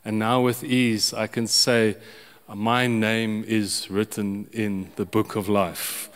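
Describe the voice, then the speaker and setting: A man's voice: lowish voice, level tone, slow pace, clean tone, big-room sound. A man preaching a sermon, telling a personal story with many restarts and chuckles. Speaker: pastor.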